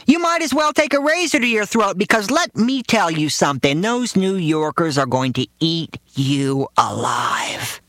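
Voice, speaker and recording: A doom-predicting older father who rants and shouts in a strained, pinched, much higher voice, as a man puts him on. He sounds odd and far from his own tone, close and dry. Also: sing-song, measured pace, few pauses, dry recording, heavily acted. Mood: ranting. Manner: shouting, ranting in a high strained voice.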